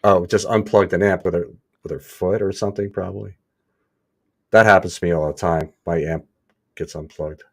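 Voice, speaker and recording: A man co-hosting a podcast, reading listener stories aloud and reacting with laughs and quick comments. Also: low-pitched, fairly even intonation, gravelly, darkish tone. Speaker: podcast co-host.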